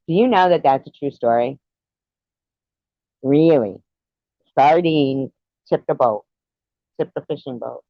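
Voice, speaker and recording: A man's voice: mid-range voice, lively intonation, a little slow, gravelly, long pauses, dry recording, dull audio. A man chatting with viewers on a live stream, giggly and meandering, often trailing off. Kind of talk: casual rambling chat.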